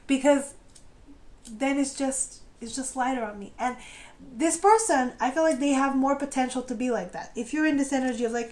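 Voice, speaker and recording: A woman with a slightly high voice gives a tarot card reading. She talks in a loose, chatty way, slipping into short acted-out quotes of how someone feels and breaking into laughter between thoughts. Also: fairly quick. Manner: chatty, animated, acts out quoted feelings; often laughs and trails off mid-sentence. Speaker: tarot reader. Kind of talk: intuitive tarot reading to camera.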